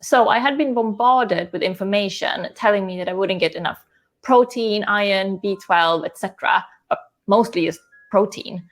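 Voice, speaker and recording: Calm woman vlogging to camera. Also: mid-range voice, moderate pace. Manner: calm, matter-of-fact, with fillers. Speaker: vegan video creator. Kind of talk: vlog talking to camera.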